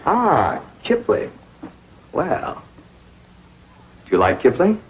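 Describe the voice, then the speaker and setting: Stuck-up young dandy, big swoopy theatrical delivery, old sitcom. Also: male voice, a little high, wildly swooping pitch, takes it slowly, slight background noise, exaggerated voice, rough recording. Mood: pompous. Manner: theatrical, grandiloquent declaiming. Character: pompous lovestruck young society man. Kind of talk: 1960s sitcom acting.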